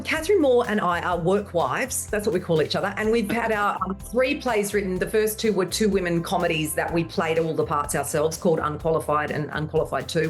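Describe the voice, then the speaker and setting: An Australian actress chatting as an interview guest, animated and talkative, with emphatic asides. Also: female voice, fairly low pitch. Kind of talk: casual interview chat.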